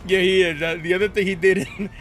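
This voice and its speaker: Animated man retelling movie scenes. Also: high-pitched, fast talker, faint music behind. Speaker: podcast co-host. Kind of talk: casual chat.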